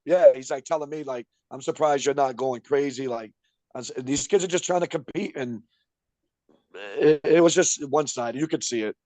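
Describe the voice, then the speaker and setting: Animated man telling a coaching story. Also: fairly high pitch, moderate pace, dry recording, poor audio. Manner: animated storytelling, frequent fillers. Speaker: youth basketball coach. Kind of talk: casual podcast chat.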